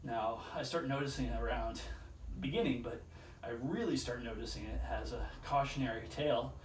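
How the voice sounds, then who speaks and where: A vlogger chats aimlessly during a self-filmed home workout, muttering rep counts, chuckling at his own stories, and sounding a bit strained. His voice is mid-range at a moderate pace, caught on a distant mic across an echoey indoor room with chairs and a faint ambient hum.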